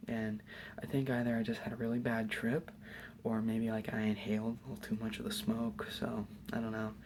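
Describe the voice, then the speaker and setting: Gravelly young man in soft whispers. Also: lowish voice, level tone, a little fast, a little hiss or hum. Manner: soft, hesitant, rambling whisper with many fillers. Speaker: YouTuber answering questions. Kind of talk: whispered ASMR Q&A. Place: home at night.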